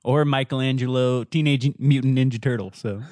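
A man's voice: mid-range voice, fairly even intonation, a little fast, a little mellow, dry recording, studio quality. A man in his thirties co-hosting a casual chat, easygoing and agreeable with joking asides. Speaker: podcast co-host.

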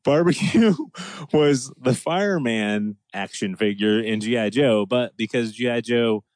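Man from new england, forties, animated casual podcast talk, laughs often, dry close sound, mid-pitched. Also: no echo. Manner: animated, laughing, does quick impressions. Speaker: podcast co-host. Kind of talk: casual chat.

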